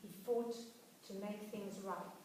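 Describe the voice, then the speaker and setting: A woman's voice: medium pitch, fairly even intonation, slow, dark tone. A woman executive coach giving a workshop talk, telling case stories conversationally with frequent restarts. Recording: echoey room, voice far from mic, faint noise.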